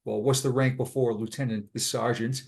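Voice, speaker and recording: A man's voice: medium pitch, fairly even intonation, brisk, vocal fry. A blunt man in his fifties with a Boston accent, telling his story as a retired police sergeant in a casual interview. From Boston, USA. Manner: blunt, frank.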